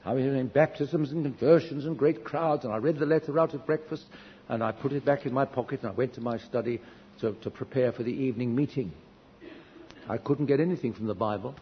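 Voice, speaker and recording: A man's voice: mid-range voice, quick pace. A man preaching a sermon in a church, telling stories from his own life in an earnest, self-deprecating way with wry humor. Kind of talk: storytelling sermon. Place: church hall. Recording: dull echoey church recording, faint hiss.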